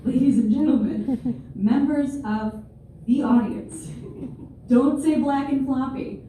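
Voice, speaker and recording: A woman's voice: high-pitched, slow, warm tone. A woman in her twenties doing a stand-up comedy set in front of a live audience, wry and self-deprecating, with playful asides. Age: 20s. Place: large room with a live audience. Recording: very echoey hall, distant, noisy.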